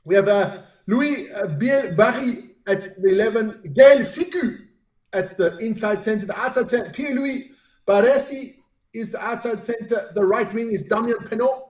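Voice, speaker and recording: A man with a very high voice, joking at his own expense and tripping over names as he reads them. He sits well back from the microphone, and the room adds a roomy echo. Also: moderate pace, a little mellow, distant mic. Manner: self-deprecating, stumbles over names. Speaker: podcast co-host. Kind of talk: casual chat.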